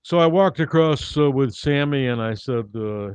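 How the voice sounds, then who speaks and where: A man doing live-streamed stand-up comedy, delivering wry, rambling one-liners in a deadpan manner. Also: mid-range voice, normal speed, few pauses, clean tone, dry recording. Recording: dull dry lo-fi recording.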